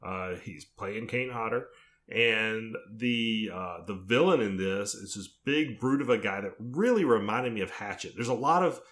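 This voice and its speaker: A man co-hosting a horror podcast, walking through film plots in a steady, casual chat. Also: fairly low pitch, measured pace. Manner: steady, methodical plot summaries. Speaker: podcast co-host.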